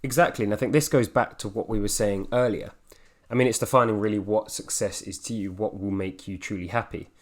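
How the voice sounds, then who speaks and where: A man hosting a podcast, talking in a measured way with hedging fillers. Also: fairly low pitch. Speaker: podcast host. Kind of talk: casual podcast chat.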